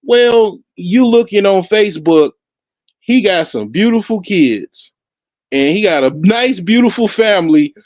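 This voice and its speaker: A man's voice: high voice, expressive, unhurried, a little mellow, no echo. A man hosting a solo talk show, rambling and profane, laughing often and restarting his sentences. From Africa. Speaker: podcast host. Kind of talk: casual solo commentary.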